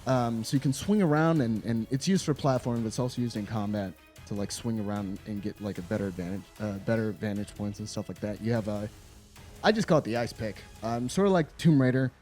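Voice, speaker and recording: A man's voice: lowish voice, brisk, darkish tone, faint music behind. A man co-hosting a video game review, talking in a loose, rambling way with laughs and casual swearing. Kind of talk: casual chat.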